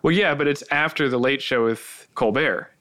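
A young man co-hosting a casual podcast, easygoing and quick with wisecracks and the odd curse. His voice sits mid-range. The sound is dry and close to the mic. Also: medium pitch, a bit bright, dry recording. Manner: laid-back, wisecracking, swears casually. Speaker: podcast co-host. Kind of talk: casual banter.

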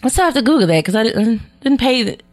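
A woman's voice: on the high side, very animated, fast talker. A woman co-hosting a podcast in casual chat, blunt and profane, who often trails off mid-sentence. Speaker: podcast co-host.

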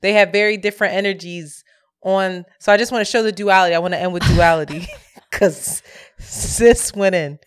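A woman co-hosting a podcast in casual chat, emphatic and playful, with quick asides. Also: medium pitch, fairly even intonation, smooth. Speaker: podcast co-host.

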